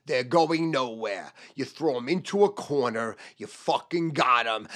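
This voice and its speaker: A middle-aged man, a sales trainer giving a profane motivational rant and shouting repeated keywords. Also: medium pitch, expressive, a little slow, few pauses.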